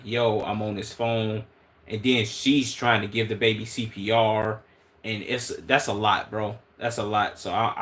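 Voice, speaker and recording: A man's voice: on the low side, bright, forceful tone. A man with a Chicago accent, streaming and commenting casually, thinking aloud in slang with many restarts.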